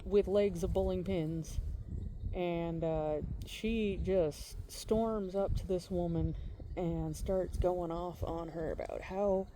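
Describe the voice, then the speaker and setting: A woman casually telling a personal story, halting and searching for her words. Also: on the low side, fairly even intonation, mellow, slight background noise.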